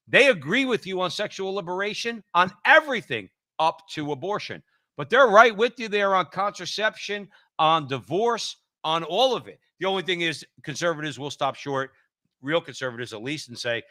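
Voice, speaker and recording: Heated, lively-voiced man co-hosting a talk show. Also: high voice, normal speed, no echo, clean studio sound. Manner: heated, emphatic, repeats himself. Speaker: co-host. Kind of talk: political talk show banter.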